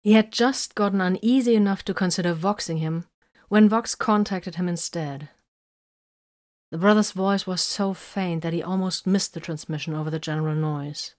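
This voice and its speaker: A woman narrates a story in a measured, even audiobook read. Her voice sits fairly low for a woman, and the delivery stays controlled and steady.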